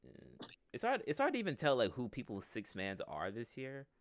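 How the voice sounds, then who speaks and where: A man's voice: medium pitch, huge pitch swings, moderate pace. A man co-hosting a podcast, chatting casually about basketball in a loose, rambling way and laughing often. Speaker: podcast co-host. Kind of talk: casual sports chat.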